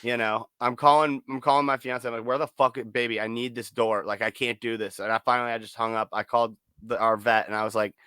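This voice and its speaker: A man co-hosting a casual podcast, telling a story in an animated, heavily profane way. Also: medium pitch, fast talker, few pauses, smooth, no room sound. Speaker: podcast co-host. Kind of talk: casual chat.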